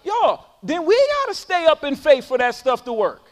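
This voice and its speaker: A man preaching a sermon as pastor to his church, calling out to the congregation and swinging between loud high calls and low quiet talk. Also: sing-song, moderate pace, big-room sound. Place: church sanctuary.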